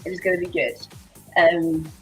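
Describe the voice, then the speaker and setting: A woman's voice: lowish voice, flat delivery, normal speed, a bit bright, soft background music, poor audio. Bubbly English woman fitness instructor. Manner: bubbly, laughs often, rambling. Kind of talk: chatty live workout class.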